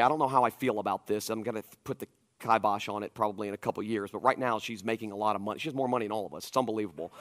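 A man who is a pastor, preaching a conference sermon in an animated, conversational storytelling manner. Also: mid-range voice.

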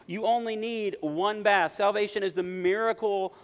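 A man preaching a sermon as pastor, animated, rising in pitch and volume to stress his points. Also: normal speed, clean tone. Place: church sanctuary. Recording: long reverb of a church sanctuary.

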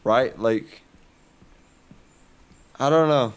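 A man's voice: medium pitch, slow. A young man doing casual let's-play commentary, joking and rambling and swearing freely. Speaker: gaming YouTuber.

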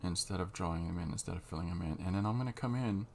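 Low gravelly man musing while he draws. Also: slight background noise. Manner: unhurried, halting, muses as he works. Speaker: comic artist drawing on camera. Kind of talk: thinking-aloud drawing tutorial.

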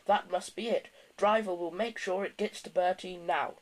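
A man voicing a calm, kindly older male engine in a storybook reading, thoughtful in tone. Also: high-pitched, normal speed, pitched above the performer's own voice, lightly acted, poor audio.

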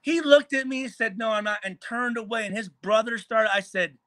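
Forties guest from Michigan, high-pitched, swears freely while storytelling. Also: male voice, brisk, few pauses, sharp tone, no echo. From Michigan, USA. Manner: profane, heated, acts out quoted lines. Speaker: guest, former pro football player. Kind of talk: animated storytelling.

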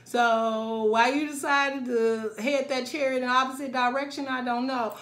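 Tarot reader, woman, fairly high voice, lively and laughing, echoey room. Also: moderate pace. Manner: animated, laughs often, acts out quoted voices. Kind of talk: casual tarot reading.

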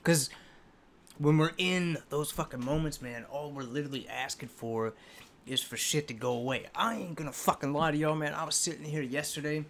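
A man's voice: on the high side, normal speed, a bit bright. A man hosting a music reaction video, talking in a casual, profane, rambling and heartfelt way, emotional as he speaks.

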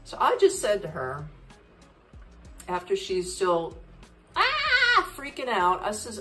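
Woman telling a travel story, really lively pitch, chatty, acts out the voices, faint music behind. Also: takes it slowly, pauses often, recorded from a distance. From United States. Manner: animated, chatty, acts out dialogue. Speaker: podcast host.

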